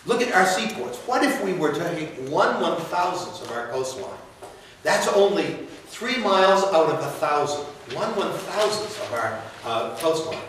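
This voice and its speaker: A man delivers a rambling, folksy campaign speech at a university, pitched a little high for a man. The sound is very echoey and picked up from a distance, with faint room hiss underneath. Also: sing-song, moderate pace, a bit bright. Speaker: political candidate. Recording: echoey room, mic far off.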